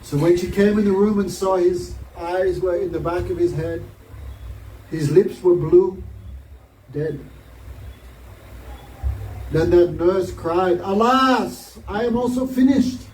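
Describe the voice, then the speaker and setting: A man's voice: high-pitched, fairly even intonation, takes it slowly, long pauses, dark tone. A man teaching a devotional class, telling a scriptural story and asking his listeners many rhetorical questions. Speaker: spiritual teacher. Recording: roomy, distant mic, faint noise.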